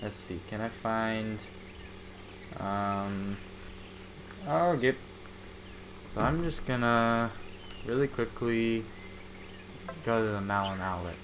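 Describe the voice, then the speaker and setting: A man's voice: on the low side, slow, long pauses, fairly bright tone, slight background noise. A man hosting a casual let's-play, rambling with many fillers and restarts. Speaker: gaming channel host.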